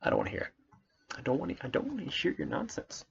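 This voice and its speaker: A man's voice: on the high side, sing-song, quick pace, vocal fry, muffled recording, a little hiss or hum, pitched above the performer's own voice, exaggerated voice. A man voicing a loyal female talking donkey who is fed up with her owner. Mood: indignant.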